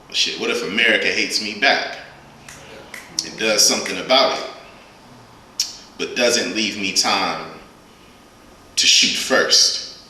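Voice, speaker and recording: A man's voice: medium pitch, pushed and bright. Man reading poetry in a very echoey room. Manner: rhythmic, emphatic spoken-word delivery with repeated questions. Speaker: featured poet. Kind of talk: live spoken-word poetry reading. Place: live reading event in a room with an audience.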